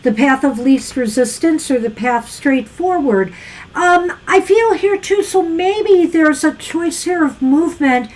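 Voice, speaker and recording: A woman's voice: high-pitched, lively intonation, measured pace, a little mellow, rough recording. A woman co-hosting a live tarot show, musing through a casual card reading with frequent fillers. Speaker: tarot reader co-host.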